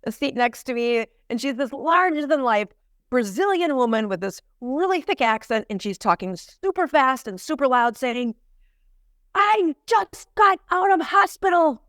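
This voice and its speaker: A middle-aged woman, a physician and podcast guest, telling stories in an animated way and laughing often. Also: on the high side, normal speed, dry recording, studio quality. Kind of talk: storytelling in a podcast interview.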